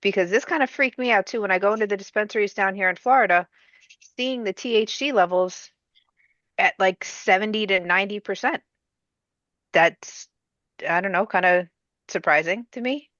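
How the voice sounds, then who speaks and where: A woman's voice: mid-range voice, normal speed, long pauses, fairly bright tone, dry recording, dull audio. A woman hosting a podcast, bringing up a topic in a casual, musing and somewhat hesitant way. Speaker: podcast host. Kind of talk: casual chat.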